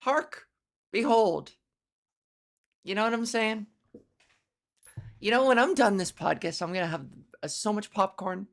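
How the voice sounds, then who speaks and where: A woman's voice: mid-range voice, moderate pace, vocal fry, pauses often. A woman comedian hosting her own podcast alone, talking in a playful, silly, rambling way and savoring mock-grand words. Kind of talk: casual solo podcast monologue.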